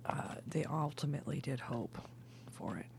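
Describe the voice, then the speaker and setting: A woman's voice: rumbling low, expressive, normal speed, vocal fry, a little hiss or hum. Tipsy woman doing a casual tarot reading. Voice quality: loud and laughing, drops to whispers. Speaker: tarot reader.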